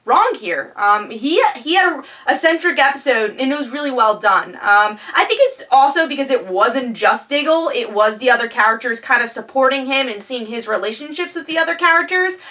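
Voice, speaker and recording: A woman talks through a TV episode in a relaxed review. Her voice is bright and a little high, and she keeps hesitating with fillers and restarting her sentences. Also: normal speed, hardly any pauses. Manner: chatty, many "um" fillers and restarts. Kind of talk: casual spoken TV review.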